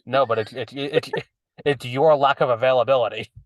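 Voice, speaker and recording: A young man with a slight lisp talks on a podcast in a teasing, rambling way. His voice sits in a middle pitch, and the sound is close and dry. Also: fairly even intonation, moderate pace, no echo. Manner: teasing, rambling, laughs often. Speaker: podcast co-host. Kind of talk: casual chat.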